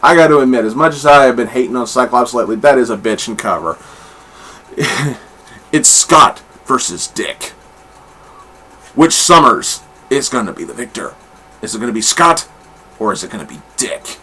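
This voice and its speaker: Bright-voiced blunt comic reviewer, man. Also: medium pitch, expressive, moderate pace, pauses often, husky. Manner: blunt and candid, swears freely; rambling with many fillers and restarts. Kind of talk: casual review monologue.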